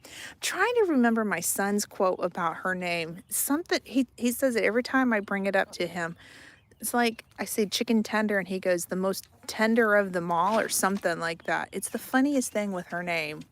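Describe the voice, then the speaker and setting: A woman's voice: medium pitch, animated, normal speed. A middle-aged woman chatting casually to the camera while outdoors with her chickens, laughing often and repeating herself as she tells stories. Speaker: homesteading vlogger. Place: outdoors by a backyard chicken coop.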